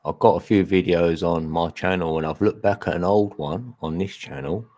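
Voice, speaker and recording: A man's voice: sits low, moderate pace, darkish tone. A man chatting casually as a guest on a livestream, laid-back, trailing off and chuckling. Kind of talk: casual chat.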